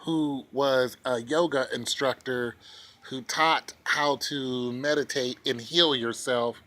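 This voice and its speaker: A man's voice: mid-range voice, fairly even intonation, slow pace, sharp tone. A man giving ranting commentary as a vlogger, sarcastic and indignant, repeating his points for emphasis.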